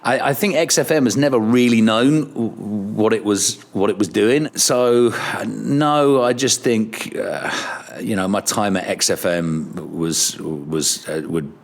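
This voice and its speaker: Animated, lower-voiced male radio presenter. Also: unhurried, gravelly. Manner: lively, laughs while telling stories, pitch jumps when excited. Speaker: radio presenter, podcast guest. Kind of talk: animated storytelling in casual chat.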